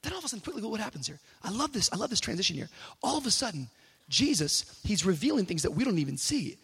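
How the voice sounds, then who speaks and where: High-voiced preacher man in an echoing hall. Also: big pitch swings, quick pace, gravelly, breathy edge. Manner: builds from conversational to shouted, with jokes and laughs. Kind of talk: sermon. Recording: live hall reverb with faint music.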